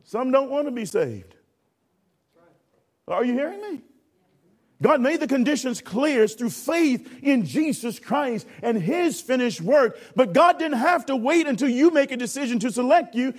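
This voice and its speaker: A man preaching a sermon, addressing the congregation directly and acting out a lifeguard rescue with shouting. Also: very high voice, very animated, unhurried. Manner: calls for audience response.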